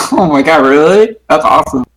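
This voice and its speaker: A man's voice: fairly high pitch, expressive, moderate pace, creaky, a bit bright, low-quality recording. A man playing a tabletop game in character, stammering and playful. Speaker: player.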